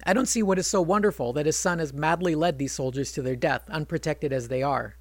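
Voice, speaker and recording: A man's voice: a little high, a little fast, no room sound. Indignant storybook warrior prince, lecturing and arguing, read by a man. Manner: argumentative, lecturing.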